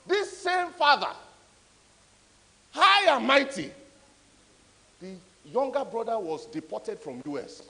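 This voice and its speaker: A man tells stories at a conference in a high, swooping voice, pressing hard on his points. His talk rings through a big hall with a long echo. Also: slow pace, gravelly, pauses often. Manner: animated, emphatic storyteller. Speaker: conference speaker. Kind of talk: storytelling talk. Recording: echoey hall.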